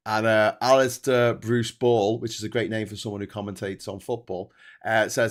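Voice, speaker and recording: A man hosting a casual live stream, chatty and prone to loud excited bursts. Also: fairly low pitch, moderate pace. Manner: energetic, loud bursts when hyping super chats. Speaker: livestream host.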